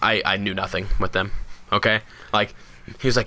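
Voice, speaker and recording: A man's voice: lowish voice, fairly even intonation, quick pace, sharp tone. A man co-hosting a podcast, telling a story in casual chat with lots of fillers and restarts. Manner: rambling, many fillers and restarts. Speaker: podcast co-host.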